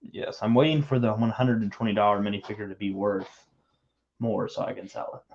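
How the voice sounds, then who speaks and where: A man's voice: fairly low pitch, a little fast, a little mellow, a little hiss or hum. A man hosting a livestream, chatting casually and teasing his co-host while building, with rambling talk and frequent restarts. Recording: muffled lo-fi stream audio.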